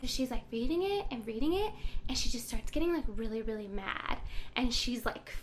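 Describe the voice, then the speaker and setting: A woman's voice: on the high side, lively intonation, moderate pace, a little hiss or hum. A woman hosting a book podcast, recapping the plot in a chatty, casual way with lots of filler words.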